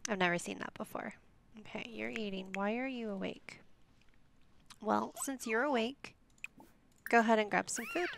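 A woman's voice: mid-range voice, normal speed, creaky, long pauses, a little hiss or hum. A woman giving casual gameplay commentary, chatty and sassy as she bosses her game characters around.

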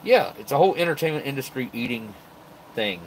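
A man's voice: mid-range voice, brisk, slight background noise, poor audio. A man vlogging casually at a table at home, a bit tipsy from beer, rambling and thinking aloud as he unpacks food. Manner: rambling, relaxed, thinking aloud with many fillers. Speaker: MRE review vlogger. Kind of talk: casual solo chat to camera while unpacking food.

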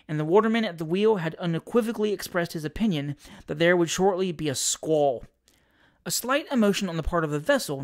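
An audiobook reader narrates a classic comic tale with wry, expressive delivery. The pitch moves with lively range through every sentence. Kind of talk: scripted narration of a classic story.

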